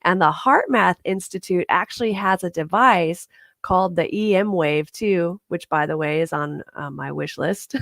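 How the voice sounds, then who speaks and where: Lower-voiced woman giving a chatty sermon. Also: expressive, normal speed, gravelly, fairly bright tone, no room sound, clean studio sound. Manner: conversational, chuckles often, asks "right?". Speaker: reverend.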